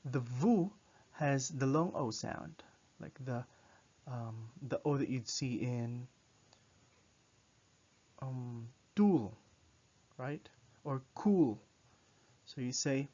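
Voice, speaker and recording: A man teaching a recorded language lesson, repeating each phrase slowly for the learner to copy. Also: mid-range voice, expressive, mellow. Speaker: French teacher. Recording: muffled lo-fi recording.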